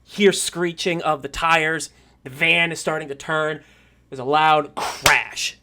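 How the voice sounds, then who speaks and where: Man, game master, bright clear voice, halting narration, um-filled pauses. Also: a little high, fairly even intonation.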